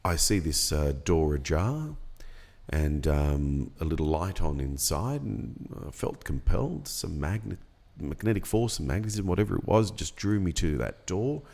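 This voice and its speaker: A middle-aged man with a deep, gravelly voice tells a personal story in a relaxed podcast conversation. He talks in an unhurried, reflective way, pausing often with ums as he gathers his thoughts. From Australia. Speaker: podcast guest. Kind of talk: storytelling in casual chat.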